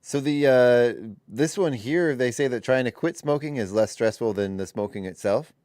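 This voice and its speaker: A man's voice: medium pitch, normal speed, a little mellow, no room sound. Chatty male radio co-host, dry studio sound. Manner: chatty, laughs easily, reads items aloud with restarts. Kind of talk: casual morning radio banter.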